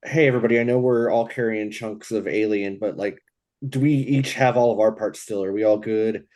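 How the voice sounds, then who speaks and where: A man's voice: fairly low pitch, fairly even intonation, fairly quick, darkish tone, natural voice. A man voicing a practical male ex-soldier who checks on his team in a casual way. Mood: concerned.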